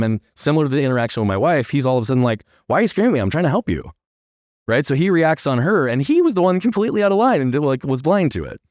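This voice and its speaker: A man's voice: mid-range voice, no room sound, studio quality. A middle-aged man, a guest on a podcast, telling a family story earnestly and often checking in with "right?". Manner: earnest, animated storytelling with many "right?" tags.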